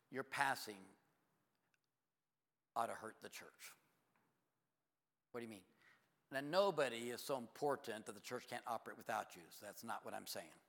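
A man delivers a sermon from the pulpit, moving between plain storytelling and sudden loud, high bursts. His voice is bright and forceful. Long reverb from the church hall trails behind every phrase. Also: creaky. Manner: animated storytelling preacher, jumps to loud high exclamations. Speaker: pastor.

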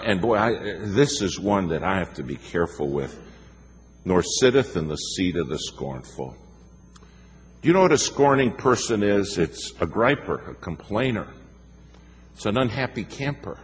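A man preaching a sermon in a folksy, emphatic way, telling stories and slowing down to stress his points. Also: on the low side, long reverb tail. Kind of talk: sermon with storytelling.

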